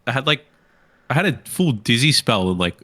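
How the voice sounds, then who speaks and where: A man, co-hosting a casual podcast in a flat, deadpan way. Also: medium pitch, a little fast, breathy edge. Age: 30s. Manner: monotone, deadpan. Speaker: podcast co-host. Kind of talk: casual chat.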